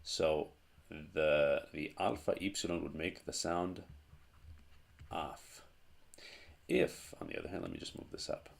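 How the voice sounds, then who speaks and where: A man teaching a language lesson at a board, explaining slowly with pauses and restarts. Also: rumbling low, steady tone, gravelly. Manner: slow, halting explanations with fillers and restarts. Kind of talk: whiteboard lesson.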